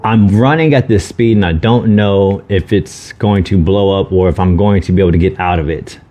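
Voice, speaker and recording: A man's voice: deep voice, moderate pace, warm tone. A man co-hosting a podcast, talking earnestly and openly about hard times and swearing freely. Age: adult with children. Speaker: podcast co-host. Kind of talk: candid podcast conversation.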